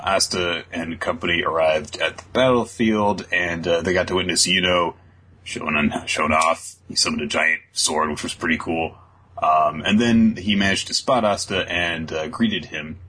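A man co-hosting a podcast, casually recapping a chapter in a rambling way, dropping into quick voices for characters. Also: deep voice, pushed and bright, a little hiss or hum. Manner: rambling, many ums and quick put-on voices. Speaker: podcast co-host.

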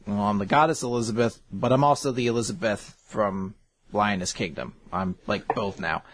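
A gentle young princess goddess explains herself softly and plainly, as a man puts her on. The voice sits low and quiet. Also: moderate pace, slightly rough, dry recording. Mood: calm.

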